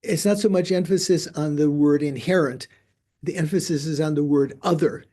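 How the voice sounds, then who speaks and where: An older man, a Buddhist teacher, discussing a philosophical text with a student in a halting way, often repeating words while he thinks. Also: on the high side, dark tone.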